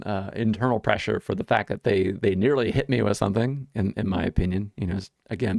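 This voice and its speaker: A man's voice: lowish voice, gravelly, no room sound, studio quality. A man talking casually to camera, telling stories in a chatty, wry way, often restarting and repeating words. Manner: wry, amused. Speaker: vlogger sharing life stories. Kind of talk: casual storytelling monologue.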